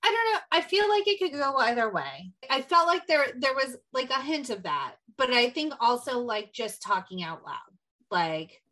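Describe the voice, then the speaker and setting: Woman recapping a movie, bright sharp voice, animated, swears a bit. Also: high voice, moderate pace. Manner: animated storyteller, casual swearing. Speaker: podcast co-host. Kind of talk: casual film recap.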